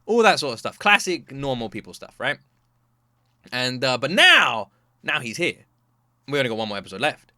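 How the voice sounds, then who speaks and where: A man hosting a reaction video, chatting casually in an animated, joking way. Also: mid-range voice, normal speed, pauses often, dry recording, clean studio sound. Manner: animated, joking, acts out scenes.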